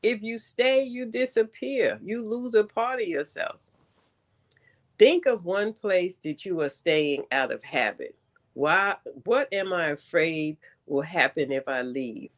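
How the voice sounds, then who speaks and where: A woman's voice: on the low side, expressive, slow pace. Blunt Brooklyn woman, laughing often. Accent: Brooklyn New York. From Brooklyn, New York. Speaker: stream host reading cards. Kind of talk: casual livestream chat.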